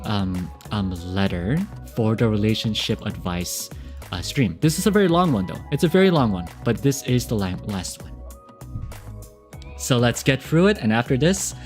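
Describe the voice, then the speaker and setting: A man streaming live, casually reading viewer messages and giving relationship advice with lots of laughing asides. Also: lowish voice. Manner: animated, laughing, chatty asides.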